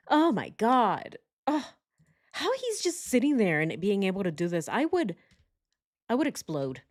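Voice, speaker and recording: A woman's voice: mid-range voice, huge pitch swings, unhurried. A woman giving casual true crime reaction commentary, indignant and exclamatory, with mocking impressions.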